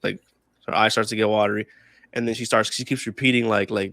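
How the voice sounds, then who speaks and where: A man's voice: fairly low pitch, steady tone, brisk, gravelly, fairly bright tone, no room sound. A young man casually telling a story on a podcast, laughing often, swearing freely and repeating himself. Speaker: podcast co-host.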